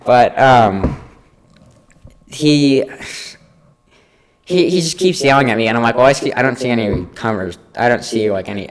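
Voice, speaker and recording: Animated teen guy telling a story. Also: lowish voice. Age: teens. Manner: animated, acts out quoted people. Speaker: podcast co-host. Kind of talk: casual storytelling.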